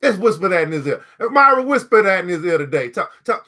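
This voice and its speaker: High-voiced, bright-toned man hosting a book club. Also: sing-song, fairly quick, hardly any pauses. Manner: emphatic and playful, repeating key phrases. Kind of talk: reading aloud and riffing to a live audience.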